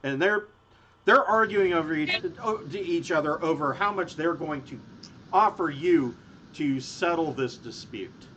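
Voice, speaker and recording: A man's voice: on the high side, animated, measured pace, bright, forceful tone, slight background noise. A man narrating a tabletop game as game master, hesitant, with many fillers and restarts. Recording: dull lo-fi audio.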